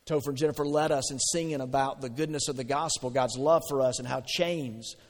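A man's voice: medium pitch, fairly even intonation, brisk, big-room sound. A man preaching a sermon in a conversational way, asking the congregation questions and answering them. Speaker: pastor.

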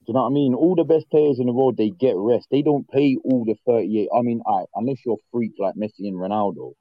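A man in casual football chat, animated and slangy, repeating words when he gets going, calling in on his phone. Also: mid-range voice, fast, dry recording, highs cut off. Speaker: football panel guest. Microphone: phone on a call.

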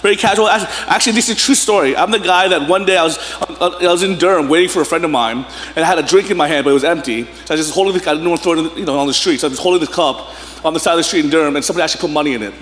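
A man's voice: on the high side, rapid-fire, fairly bright tone. A man in his thirties preaching a sermon as pastor, telling casual, joking stories and often breaking into laughter. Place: church sanctuary. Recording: echoey church hall with faint room noise.

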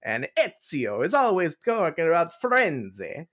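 Woman, podcast co-host, very low voice, lively pitch, rambling jokey chat. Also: normal speed. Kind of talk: casual chat.

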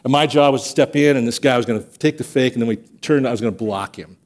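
A man preaching a sermon as pastor of a church, telling stories and acting out quotes with lively energy. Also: mid-range voice, fast. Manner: animated storytelling, acts out quotes. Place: church sanctuary.

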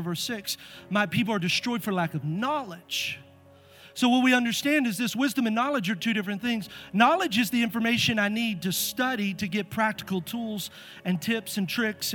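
A middle-aged male pastor preaching a sermon in a church, animated and acting out the voices in his stories. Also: high voice. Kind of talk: sermon with storytelling. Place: church sanctuary.

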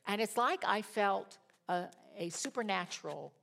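A woman in her sixties leading a Bible study, telling stories in an animated way that swings between loud exclamations and quiet asides, and talking straight to her audience. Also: mid-range voice, a little slow, vocal fry. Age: 60s. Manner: chatty, addresses the audience directly. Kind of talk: storytelling Bible study teaching.

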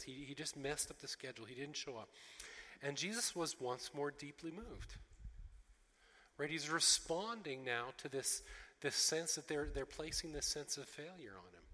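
A man preaching a sermon as pastor, expressive, acting out the voices of the people in the story, with frequent restarts. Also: medium pitch. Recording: long reverb of a large hall.

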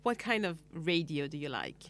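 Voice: medium pitch, big pitch swings, moderate pace, fairly bright tone, no room sound. An interviewer asking short, curious questions in a casual chat.

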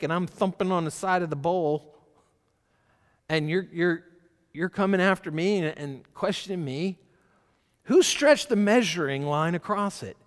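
A pastor with a high-sitting voice preaches a sermon in a large hall. He's animated, growing louder and more forceful as he reads scripture, and he breaks off into conversational asides.

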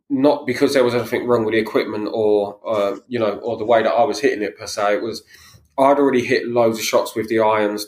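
Rambling man in a roomy room. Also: on the low side. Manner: rambling storyteller, many fillers and restarts. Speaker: podcast co-host, golfer. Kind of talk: casual chat.

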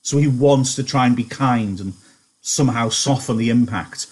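Husky man, English teacher, chatty and encouraging in an online lesson. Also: mid-range voice, moderate pace, darkish tone. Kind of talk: online lesson and reading aloud.

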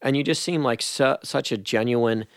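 A podcast host speaks in a gravelly, mid-pitched voice, close to the mic in a dry room. He asks his questions in a relaxed way and often trails off and restarts. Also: moderate pace, no echo. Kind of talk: casual podcast interview.

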